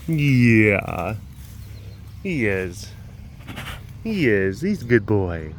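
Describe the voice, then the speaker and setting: A man's voice: lowish voice, sing-song, drawn-out words, long pauses. Man, casual vlog host, rambling, laid-back, outdoors, faint background noise, handheld camera. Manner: rambling and laid-back, cooing at the big cats. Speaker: vlog host at a big cat rescue. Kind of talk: casual walk-and-talk vlog. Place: outdoor animal compound.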